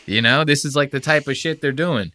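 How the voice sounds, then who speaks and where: A man's voice: mid-range voice, a little fast, sharp tone, no room sound, clean studio sound. A man hosting a podcast, ranting in a casual, profane and mocking way. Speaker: podcast host. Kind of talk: casual comedic podcast rant.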